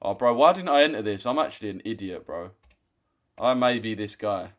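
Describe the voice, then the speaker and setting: A man's voice: fairly low pitch, lively intonation, a little fast, lo-fi sound. A young man chatting casually on a trading live stream, swearing and teasing viewers. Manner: swearing, banters with chat. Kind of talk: casual live-stream chat reading comments.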